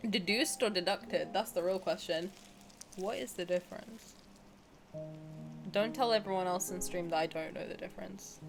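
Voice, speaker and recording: A young woman streaming a game, chatting casually and joking, with some swearing. Her voice is mid-pitched, and faint music plays behind her. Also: moderate pace, gravelly, pauses often. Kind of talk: casual live-stream chat while gaming.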